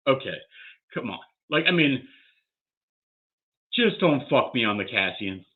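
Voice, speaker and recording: A man's voice: medium pitch, big pitch swings, slow pace. A man vlogging as he opens graded trading cards, worked up and swearing as he talks to himself. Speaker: card collector vlogger. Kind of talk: excited unboxing vlog. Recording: tinny phone-like sound.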